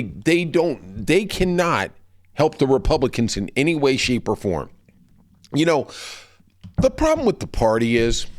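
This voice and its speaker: A man hosting a podcast, delivering a heated, profane political rant. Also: medium pitch. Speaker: podcast host. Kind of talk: political commentary monologue.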